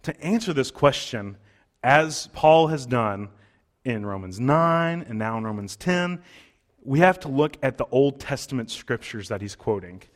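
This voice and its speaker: Man, pastor, sermon, conversational, mid-pitched, fillers and restarts. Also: animated, a little slow.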